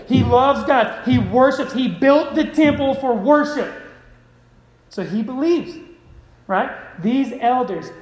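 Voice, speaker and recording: A man's voice: sits high, roomy sound, low-quality recording. A man preaching a sermon, calling out to his congregation. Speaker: pastor.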